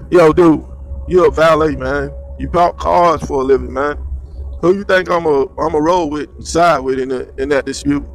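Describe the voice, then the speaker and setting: A man's voice: on the high side, creaky, slight background noise. A man giving slangy, rambling solo commentary on the news.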